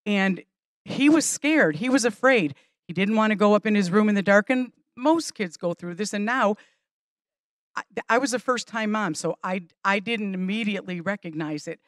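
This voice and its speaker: A woman's voice: medium pitch, moderate pace, no echo, studio quality. A middle-aged woman pastor teaching mothers in a chatty, earnest way, with restarts and small laughs. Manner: earnest, stresses key points. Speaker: pastor teaching a women's class. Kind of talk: conversational teaching.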